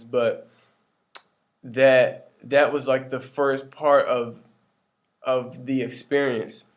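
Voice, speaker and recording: A young man tells a personal faith story in an earnest, chatty way, filling it with ums and likes. His voice sits at an ordinary middle pitch. He slips into the voices of the people he quotes as he talks. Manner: acts out quoted dialogue in shifting voices. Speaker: retail store worker sharing a faith testimony. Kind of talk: casual personal testimony vlog.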